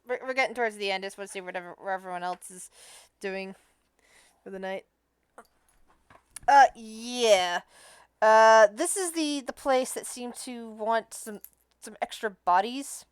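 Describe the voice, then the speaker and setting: A woman game master narrating a tabletop session in a fairly high, smooth voice. She thinks aloud as she describes the scene and often trips into restarts. The sound is close and dry, with no room around it. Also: measured pace, long pauses, dry recording.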